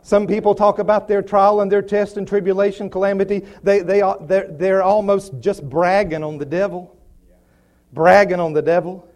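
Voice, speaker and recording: A man's voice: sits high, fairly even intonation, normal speed, darkish tone. A man preaching a sermon, repeating phrases and building to emphatic declarations. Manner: repetitive, rising to emphatic declarations.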